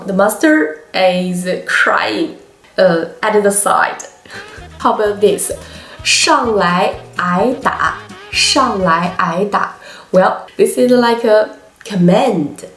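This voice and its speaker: A woman with a Chinese accent teaching a language lesson, explaining slowly with many pauses and hesitations. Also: mid-range voice, echoey room.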